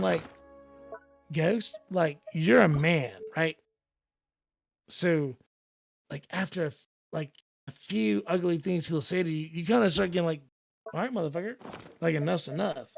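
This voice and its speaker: A man's voice: fairly high pitch, unhurried, vocal fry, pauses often, faint music behind. A man telling a story in casual chat, rambling and swearing freely. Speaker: tv reporter guest.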